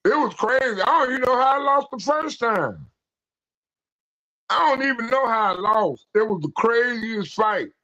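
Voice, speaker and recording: A man on an online stream call, telling a story in a casual, profane, animated way and acting out the quotes. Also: extremely high pitch, moderate pace, muffled recording. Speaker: panel guest.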